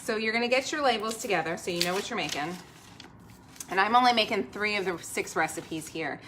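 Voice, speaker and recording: A woman's voice: medium pitch, animated, brisk, background noise. A woman hosting a live cooking stream, chatting upbeat and straight to her viewers while she cooks in her home kitchen. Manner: upbeat, talks straight to viewers, reads out comments. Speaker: host of a cooking livestream.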